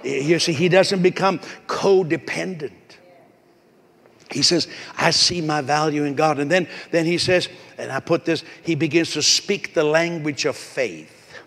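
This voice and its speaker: A male pastor preaching a sermon with a raspy voice, emphatic and repetitive, calling out to the congregation. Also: a little high, measured pace. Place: church. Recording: echoey hall.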